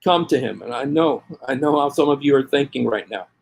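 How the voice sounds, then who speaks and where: Man preaching with repeated forceful phrases. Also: mid-range voice, animated, brisk, vocal fry. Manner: forceful and repetitive, hammering phrases again and again; calls listeners to pray along with him. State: angry. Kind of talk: impassioned preaching to camera.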